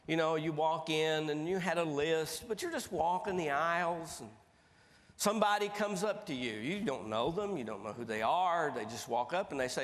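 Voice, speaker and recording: Male motivational speaker, animated folksy storyteller, onstage in a big reverberant hall. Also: fairly high pitch, moderate pace. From East Tennessee. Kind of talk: storytelling keynote speech. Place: large conference hall stage.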